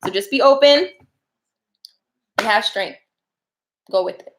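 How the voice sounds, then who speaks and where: A woman's voice: mid-range voice, unhurried. A woman giving casual live tarot readings, chatty and laughing often as she talks to viewers. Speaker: tarot reader.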